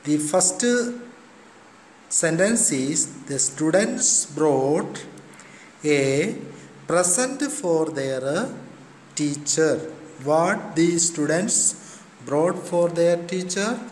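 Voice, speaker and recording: A male English teacher with an Indian English accent talks through a class lesson at a very slow, careful pace. His voice sits fairly high for a man. The room is echoey, with a long reverb tail and a faint hum behind him. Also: animated, darkish tone. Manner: slow, deliberate explaining, spelling words letter by letter; repeats definitions, often pauses with okay. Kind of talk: recorded online class lesson.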